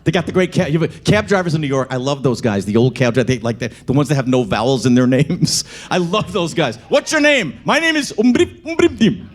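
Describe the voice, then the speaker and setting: A man's voice: medium pitch, animated, fast, hardly any pauses, a little mellow. A male comedian, chatting with a club crowd and breaking into sung song parodies. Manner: chatty crowd work, breaks into singing over guitar. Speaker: stand-up comedian. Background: guitar.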